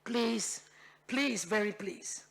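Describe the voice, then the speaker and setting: Her voice is medium-pitched and gravelly, and she talks slowly. She is a member of parliament from Bougainville, Papua New Guinea, with a Bougainville accent, making an impassioned debate speech in the parliament chamber while repeating phrases for emphasis and slipping into Tok Pisin.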